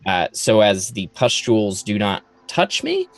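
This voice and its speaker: A man playing his character in a tabletop game, hesitant and halting. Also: fairly low pitch, huge pitch swings. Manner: hesitant, halting with many fillers. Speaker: player.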